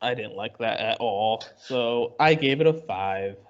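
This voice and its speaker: A man's voice: mid-range voice, lively intonation, measured pace, highs cut off. A man co-hosting a comics podcast, talking casually and rambling through a plot recap with lots of fillers. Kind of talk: casual chat.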